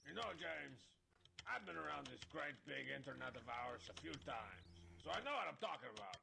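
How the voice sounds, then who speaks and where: A man's voice: medium pitch, big pitch swings, fairly quick, background noise. A man voicing a cocky, sarcastic masked cartoon wrestler who hands out boastful advice. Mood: smug. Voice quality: gravelly.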